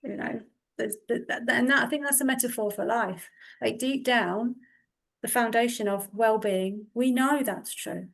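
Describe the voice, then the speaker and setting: Woman, higher voice, thoughtful, halting, repeats words, conversational co-host. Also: creaky. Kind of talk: conversational interview.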